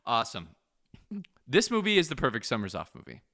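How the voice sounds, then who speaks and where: A man's voice: medium pitch, wildly swooping pitch, fairly quick, creaky, pushed and bright. A young adult man hosting a casual podcast chat, joking and laughing often. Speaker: podcast host.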